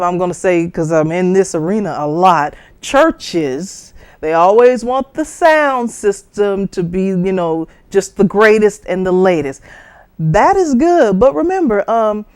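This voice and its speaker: A woman giving a conversational talk on public speaking, lively and full of asides, jumping high in pitch to act out other people. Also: no room sound. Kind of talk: instructional talk.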